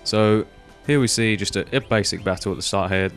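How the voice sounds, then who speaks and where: A man's voice: on the low side, fairly quick, vocal fry, fairly bright tone, soft background music. A young man giving casual, rambling gameplay commentary, swearing offhandedly and filling gaps with "um" and "like". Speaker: gaming video host.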